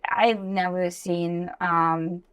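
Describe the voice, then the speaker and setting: A woman's voice: lowish voice, steady tone, drawn-out words, a bit bright, smooth, no echo. A woman hosting a podcast interview, polite and gracious, with hesitant phrasing. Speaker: podcast host. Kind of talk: interview conversation.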